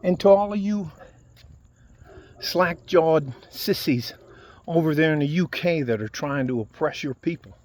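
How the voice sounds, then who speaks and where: An American video blogger speaks to his viewers in a heated, profane political rant to camera. His voice is on the high side and a little mellow, and he keeps a measured pace.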